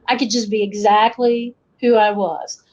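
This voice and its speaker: A woman's voice: medium pitch, a little slow. A woman from western North Carolina with an Appalachian accent, a folklorist talking as an interview guest, telling stories with voiced quotes. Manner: storytelling, animated asides with voiced quotes. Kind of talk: casual interview conversation. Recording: dull lo-fi podcast recording.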